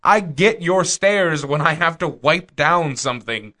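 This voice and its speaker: A man's voice: fairly high pitch, expressive, a little slow, bright, forceful tone. A man co-hosting a casual podcast, giving advice thoughtfully and joking about himself. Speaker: podcast co-host.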